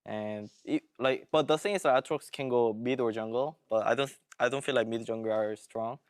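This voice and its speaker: A man's voice: mid-range voice, moderate pace, no echo. Hesitant male pro player, dry sound. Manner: hesitant, filler-heavy answers. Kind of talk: casual interview answers.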